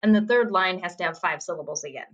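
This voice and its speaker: A woman teacher giving a video lesson, patiently explaining and reading short poems slowly and expressively. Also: on the low side, a bit bright, muffled recording. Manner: patient, encouraging, reads poem lines slowly and expressively. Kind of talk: reading picture book aloud in a video lesson.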